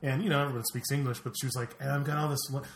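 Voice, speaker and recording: A man hosting a casual chat, dropping quick, dry jokes. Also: medium pitch, steady tone, slight background noise. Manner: dry, quick joking remarks.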